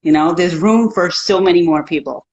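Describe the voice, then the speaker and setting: A woman guest who works as a life coach, talking in a calm, reassuring, counseling way. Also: on the low side, normal speed, lo-fi sound. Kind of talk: casual chat.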